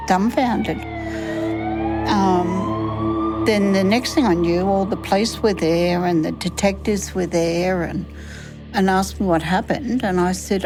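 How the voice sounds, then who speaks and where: A woman in her sixties recounting a traumatic night in an interview, halting and reliving the events as she quotes what others said. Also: mid-range voice, rough recording. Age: 60s. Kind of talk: recounting a personal ordeal in an interview.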